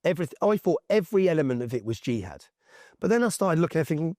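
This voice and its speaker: Excitable English man telling a story. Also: on the high side, fast, no room sound, studio quality. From England. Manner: excitable, emphatic, full of asides like "yeah?". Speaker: interview guest. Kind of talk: animated storytelling in conversation.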